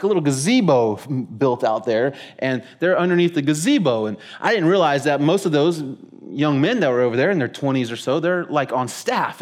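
A man preaching a sermon in a relaxed, storytelling way. His pitch swings widely and sits a touch high. He sprinkles his talk with fillers as he builds toward his point. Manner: casual storytelling with many fillers. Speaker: pastor.

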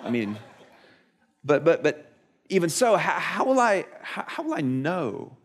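A man's voice: medium pitch, big pitch swings, moderate pace, darkish tone, voice pushed down. Man playing an elderly priest, doubting, stammering, hesitant. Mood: flustered. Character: doubting elderly male priest, flustered and unsure.

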